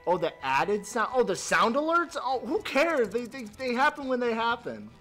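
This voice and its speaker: Male streamer, high voice, wildly swinging pitch, excitable, laughing, game music underneath. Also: moderate pace. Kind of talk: live gameplay commentary.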